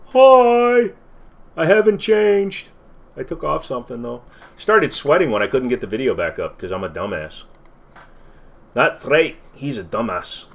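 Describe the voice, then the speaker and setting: A man's voice: mid-range voice, animated, moderate pace, fairly bright tone, husky. A man hosting a casual livestream Q&A from his desk, rambling with lots of fillers and self-deprecating asides. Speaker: channel host.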